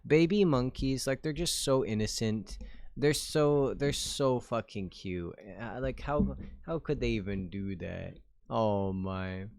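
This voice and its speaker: A man streaming live and chatting casually with viewers, giggling often and gasping with excitement. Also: medium pitch, slow, creaky, no echo, clean studio sound. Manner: giggly, excitable, gasps and frequent exclamations.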